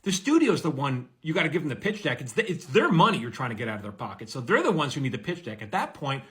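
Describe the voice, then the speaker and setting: A screenwriter giving blunt, energetic, wisecracking advice straight to the camera. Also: male voice, medium pitch, quick pace. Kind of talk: direct-to-camera advice monologue.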